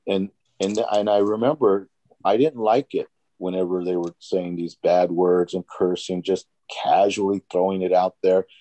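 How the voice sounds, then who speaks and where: A man with a low, mellow voice shares stories in an earnest, easygoing way during a church discussion. The sound is dry and close, with no room around it, and he often acts out the conversations he recounts. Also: no echo. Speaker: Bible study participant.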